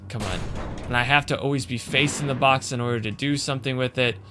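A man's voice: mid-range voice, steady tone, quick pace, music in the background. A man playing a video game and commenting as he goes, growing exasperated and grumbling about the controls. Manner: frustrated, exasperated, muttering complaints. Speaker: gaming channel host. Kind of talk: let's play commentary.

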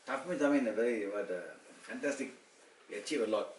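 A man's voice: fairly low pitch, a little fast. A man in his sixties from Malaysia, telling personal stories at an informal devotional gathering and acting out the dialogue. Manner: animated storyteller who acts out quoted dialogue. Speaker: motivational speaker. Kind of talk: informal devotional storytelling talk. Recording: echoey room, far-off mic, faint hum.

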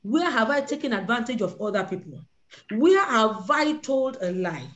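A woman's voice: a little high, animated, moderate pace. A woman leading a prayer call, preaching and acting out the voices of Bible figures. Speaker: prayer leader. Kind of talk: sermon on a prayer line.

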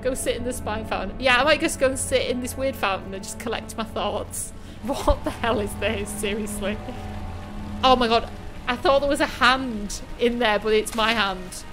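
Faint background music plays as a young woman with a fairly high voice gives live commentary on a horror game at a moderate pace. She chats to herself, screams when startled and then laughs at her own jumpiness.

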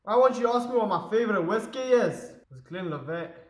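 A drunk scottish guy, a man hamming it up, rambling and brash, high-ish, echoey room. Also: animated, fairly quick, a little mellow. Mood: boozy. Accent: Scottish (put on). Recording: roomy echo.

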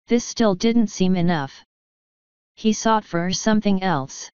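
A woman reading an audiobook in a measured, dry narration. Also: medium pitch, a little mellow, smooth, no echo, highs cut off. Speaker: audiobook reader.

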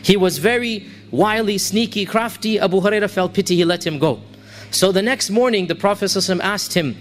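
High-voiced man telling a religious story. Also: quick pace. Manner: animated storyteller, quoting figures, switching into Arabic recitation. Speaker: Islamic preacher.

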